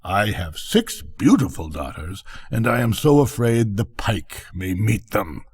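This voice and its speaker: An older man voicing a chatty, self-satisfied frog that talks slowly and gushes. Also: on the low side, big pitch swings, a little mellow, husky, full character voice. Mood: gushing. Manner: slow, gushing, complacent.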